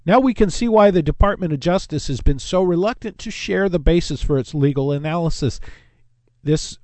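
A man's voice: fairly high pitch, moderate pace, a little mellow, dry recording. A man from Southern California hosting a talk radio show, rambling in a casual monologue and often breaking off his own sentences. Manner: rambling, self-interrupting, jokey. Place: radio studio.

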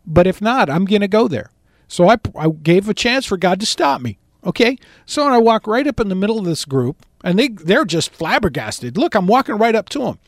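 A middle-aged man preaches in a bright, high voice that swoops up and down. He tells his story with animated energy and booms out the quoted lines. The sound is close and dry. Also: fairly quick, hardly any pauses, dry recording. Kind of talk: storytelling sermon.

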